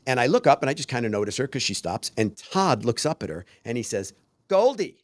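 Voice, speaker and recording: Animated storytelling man, lively pitch. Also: fairly quick, dry recording. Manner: animated storyteller, acts out quoted voices. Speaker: podcast co-host. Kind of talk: casual podcast chat.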